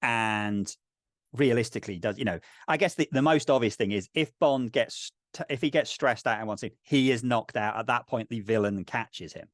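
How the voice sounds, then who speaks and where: A man's voice: mid-range voice, normal speed, dry recording, studio quality. A man co-hosting a podcast, thinking aloud about game design in a rambling, filler-heavy way. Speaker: podcast co-host. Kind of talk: casual discussion of game design.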